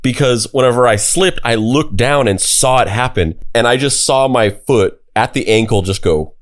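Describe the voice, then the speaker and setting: A man's voice: mid-range voice, moderate pace. A young man co-hosting a podcast, telling a story casually with lots of "like" and the odd swear. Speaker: podcast co-host. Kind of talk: casual chat.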